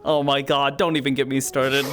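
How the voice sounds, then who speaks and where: A man chatting casually with friends during a role-play game stream, excitable and quick to laugh. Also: mid-range voice, over loud music.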